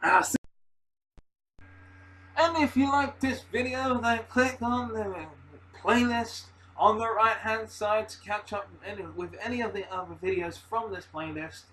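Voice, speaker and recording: A man rambling excitedly in a casual monologue, swearing often as he gives predictions. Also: high-pitched, normal speed, recorded from a distance, a little hiss or hum, poor audio. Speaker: video maker giving predictions.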